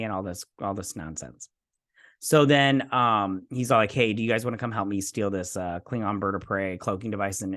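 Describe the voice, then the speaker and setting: A man's voice: mid-range voice, a bit bright, no room sound, clean studio sound. A man hosting a review show, recapping an episode casually in a rambling way, full of fillers, paraphrasing characters in his own voice.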